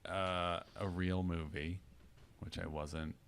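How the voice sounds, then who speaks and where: A man co-hosting a podcast, telling stories in animated, laughing casual chat. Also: deep voice, takes it slowly, clear, resonant tone. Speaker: podcast co-host.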